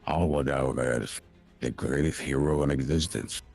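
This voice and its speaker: Male villain, grandiose, menacing, very deep, husky, tabletop game character. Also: fairly even intonation, darkish tone, soft background music, full character voice. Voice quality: gravelly, husky. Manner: slow grandiose villain monologue. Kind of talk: tabletop role-play acting.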